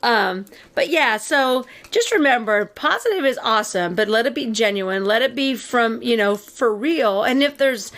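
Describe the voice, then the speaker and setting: A woman co-hosting a laid-back podcast with a voice pitched a bit high. She rambles, restarts her sentences and slips into sarcasm, with laughter never far off. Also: animated, moderate pace, hardly any pauses, a bit bright. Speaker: podcast co-host. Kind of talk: casual podcast chat.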